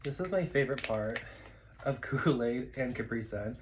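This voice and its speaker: A man's voice: medium pitch, expressive, moderate pace, slight background noise, poor audio. A man chatting casually to his viewers while eating at home, rambling with lots of fillers. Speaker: vlogger. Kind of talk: casual eating vlog chat.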